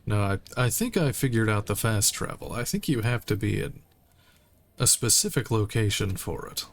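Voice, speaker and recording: A man streaming a game, reading its text aloud in a relaxed way and making occasional asides. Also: fairly low pitch, normal speed, gravelly. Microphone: streaming mic.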